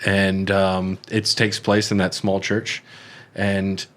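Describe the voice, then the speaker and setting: Podcast co-host, male, lowish voice, easygoing, fillers and restarts. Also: slow. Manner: relaxed, hesitant, lots of fillers and restarts. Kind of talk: casual film discussion.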